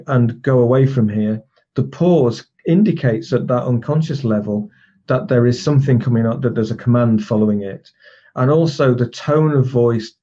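Man, trainer, teaching lesson, husky, mellow tone, explanatory, lo-fi recording. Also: medium pitch. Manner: explanatory, with frequent restarts and demonstration phrasing.

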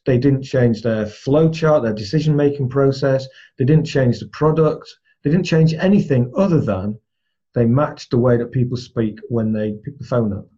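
A man teaches in a relaxed, conversational way. His voice is mellow and a little husky. The recording sounds dull and lo-fi. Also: mid-range voice. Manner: conversational, explains with everyday examples. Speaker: trainer. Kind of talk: spoken lesson on rapport.

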